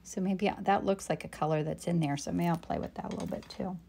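Lady painter chatting on a livestream, reads comments, talks to herself, kinda gravelly and low. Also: fast talker, dark tone, slight background noise. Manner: chatty, reads viewer comments aloud, murmurs to herself while working. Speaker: painter live-streaming a demo. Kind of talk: casual live-stream chat while painting.

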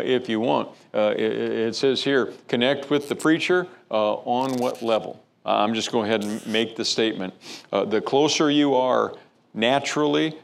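Casting: male pastor, mid-pitched, gravelly, sermon storytelling with stumbling restarts. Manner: storytelling, frequent stammered restarts.

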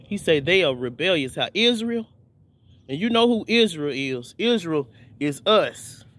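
A man's voice: fairly high pitch, lively intonation, unhurried, a bit bright. A man preaching in an informal video sermon, fervent and repetitive, often restarting his phrases.

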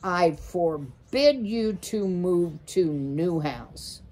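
A woman's voice: fairly low pitch, lively intonation, drawn-out words, dark tone, full character voice. A woman reading a storybook aloud, voicing a bossy, menacing male owl who demands and screeches impatiently. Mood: demanding.

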